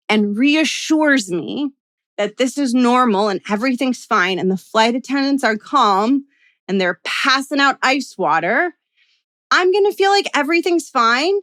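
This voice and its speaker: A woman podcast host and communication coach teaching listeners, talking earnestly and emphatically and often checking in with a quick "right?". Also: fairly high pitch, fairly bright tone, no room sound.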